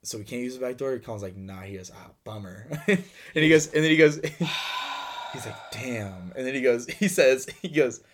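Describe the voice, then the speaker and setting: A man's voice: medium pitch, expressive, moderate pace, a bit bright. A young man co-hosting a podcast, telling a story in a rambling, profane way with many fillers and acted-out dialogue. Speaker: podcast co-host. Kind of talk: casual storytelling.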